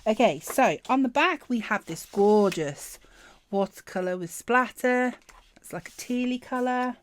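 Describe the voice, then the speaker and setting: A woman chatting casually through a planner sticker unboxing, gushing and excitable, often trailing off mid-sentence. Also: fairly high pitch, measured pace. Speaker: planner vlogger.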